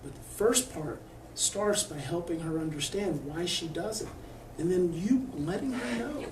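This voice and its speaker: Calm man coaching parents, echoey room. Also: sits high, a little slow, background noise. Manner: calm coaching, drops to a soft hush when modeling words to a child. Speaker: parenting expert answering a parent. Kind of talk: parent Q&A advice. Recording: echoey room, distant mic.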